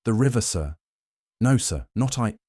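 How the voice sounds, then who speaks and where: A man's voice: lowish voice, expressive, unhurried, a little mellow, no echo, clean studio sound, pitched above the performer's own voice. A man doing a nervous stammering coachman. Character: nervous stammering male coachman, lower-class.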